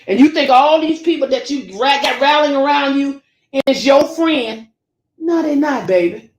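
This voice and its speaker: A woman's voice: high-pitched, lively intonation, moderate pace, echoey room. A woman talking straight to her camera viewers, scolding and preaching, calling them baby and family. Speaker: YouTube commentator. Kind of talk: direct-to-camera rant.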